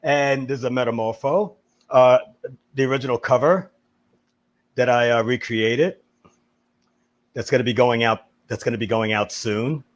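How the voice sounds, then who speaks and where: Man, casual comic artist, mid-range voice, laid-back talk on a call. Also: mid-range voice. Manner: easygoing, quick to laugh. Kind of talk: casual video call chat. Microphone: video call.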